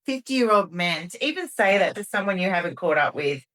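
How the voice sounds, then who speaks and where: A woman's voice: lowish voice, animated, a little fast, a bit bright. A woman hosting a podcast, steering the chat between topics with playful, teasing remarks. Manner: playful, teasing, laughs easily. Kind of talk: casual chat, leading the topics.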